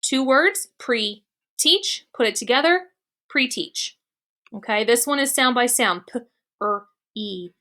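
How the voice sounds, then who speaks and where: A woman's voice: on the high side, lively intonation, a little slow, pushed and bright. A woman teacher giving a recorded online mini-lesson to young students, explaining step by step and checking in with frequent "okay"s. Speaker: elementary school teacher.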